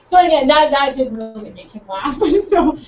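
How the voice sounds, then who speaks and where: A young adult woman with a high-pitched voice enthusiastically recounts a conversation from campus, speaking at a moderate pace. She animatedly acts out both sides of the exchange. The audio sounds echoey, distant, and dull, with faint noise in the room.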